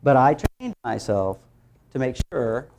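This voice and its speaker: Give me a man presenting a phonics workshop to teachers, lively and demonstrative. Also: medium pitch, unhurried, a little hiss or hum. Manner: lively, demonstrates letter sounds aloud. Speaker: teacher trainer.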